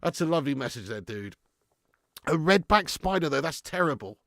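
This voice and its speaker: A man hosting a live football fan stream, chatting excitably, swearing freely and laughing as he reacts and thanks viewers for donations. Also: fairly high pitch, a little fast, no echo, studio quality. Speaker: football fan channel host.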